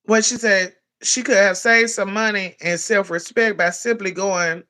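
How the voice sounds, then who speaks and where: Blunt, bright-voiced woman ranting. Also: mid-range voice, fairly even intonation, measured pace. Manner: blunt, profane, scolding. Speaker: commentary vlogger. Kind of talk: heated commentary rant.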